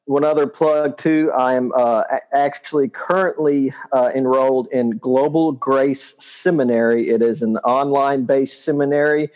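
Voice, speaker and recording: A man's voice: medium pitch, steady tone, moderate pace, few pauses, darkish tone, big-room sound, lo-fi sound. A man chatting casually, rambling and hesitant with frequent fillers and joking asides. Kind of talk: casual chat.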